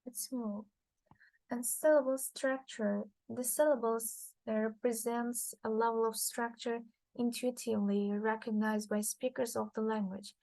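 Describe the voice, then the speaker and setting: Woman lecturer reading slides, first language Turkish, flat, gravelly, halting delivery. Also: fairly high pitch, dry recording, low-quality recording. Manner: halting, with frequent uh fillers and restarts. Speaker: linguistics lecturer.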